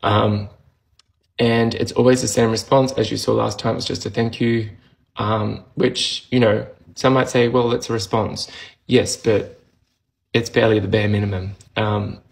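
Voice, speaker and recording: A man talking to camera in a personal vlog, emotional and halting, with many restarts and pauses as he struggles to get the words out. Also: fairly low pitch, steady tone, vocal fry, rough recording. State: emotional, close to tears. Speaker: vlogger sharing a personal update.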